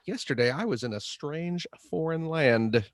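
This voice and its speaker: A man co-hosting a gaming podcast tells a travel story in a jokey, animated way, chatting casually. His voice sits on the high side and moves at a moderate pace. The studio recording is clean, with no room sound.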